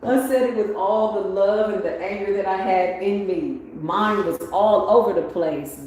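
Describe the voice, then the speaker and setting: A woman giving a motivational spiritual talk on a livestream, animated and swinging up into excited exclamations. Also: mid-range voice, normal speed. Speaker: spiritual tarot reader. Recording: very echoey room with faint ambient noise.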